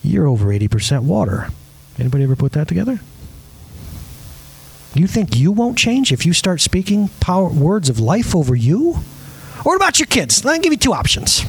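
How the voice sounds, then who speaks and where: A pastor in his thirties preaches with real drive, pitch swooping up and down as he presses his point. His voice sits a touch high for a man and carries a husky grain. He keeps turning to the congregation with questions. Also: a little fast, long pauses. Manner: emphatic, animated preaching to a congregation, asking the crowd questions. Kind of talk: sermon. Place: church service before a live audience.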